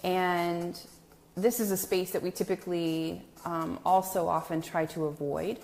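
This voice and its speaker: Chatty woman with a gravelly voice. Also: lowish voice, steady tone, unhurried, darkish tone. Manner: chatty, greets viewers by name, self-deprecating. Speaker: live stream host. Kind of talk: casual live chat with viewers. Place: new home with a brick wall, indoors.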